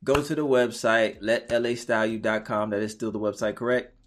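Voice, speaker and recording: A man's voice: lowish voice, fairly even intonation, brisk, slight background noise. A man hosting a podcast interview, giving encouraging, preacher-like advice with lots of repetition. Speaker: podcast host. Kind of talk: casual interview chat.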